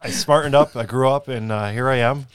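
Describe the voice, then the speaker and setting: A man hosting a podcast in casual chat, reacting quickly with wry asides and laughing along. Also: mid-range voice. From grew up in an Italian neighborhood. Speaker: podcast host.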